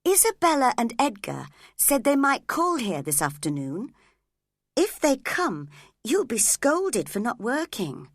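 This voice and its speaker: Woman voicing a shrill, hot-tempered young woman. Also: very animated, a little slow, no echo, studio quality, heavily acted. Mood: coaxing. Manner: shrill and cross, rising to shouts. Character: passionate spoiled young woman, quick-tempered.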